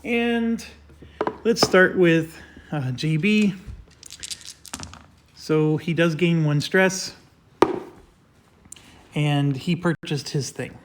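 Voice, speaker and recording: Male host, casual board game playthrough; methodical, filler-heavy, mid-high pitch. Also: very slow, long pauses, noisy background. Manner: explains moves step by step with many fillers.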